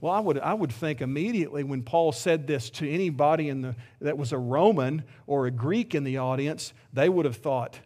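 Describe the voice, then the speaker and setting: A man's voice: a little high, fairly quick, hardly any pauses, darkish tone. A middle-aged man preaching a sermon as pastor, earnest and heartfelt, often restarting his sentences.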